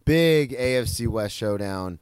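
A young man co-hosting a casual sports podcast, telling stories with animated emphasis and the odd swear. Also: mid-range voice, a little slow, smooth, no echo, studio quality. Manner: animated storyteller, swears, self-deprecating. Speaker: podcast co-host.

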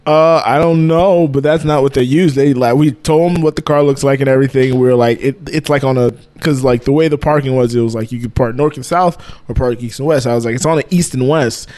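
A man's voice: mid-range voice, steady tone, fairly quick, hardly any pauses, a little mellow. A man co-hosting a podcast, telling a long rambling story in casual chat and laughing often. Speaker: podcast co-host.

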